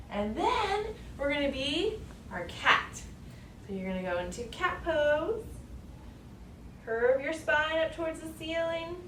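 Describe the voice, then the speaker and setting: A woman teaching a children's yoga lesson, reading a story aloud and guiding poses with animated, playful cries. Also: sits high, a little hiss or hum. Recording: echoey room, voice from far off.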